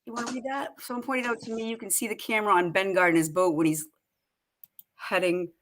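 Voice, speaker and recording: A woman hosting a casual live chat show, excitable, laughing often and quoting movie lines. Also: medium pitch, fairly quick, slight background noise. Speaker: show host.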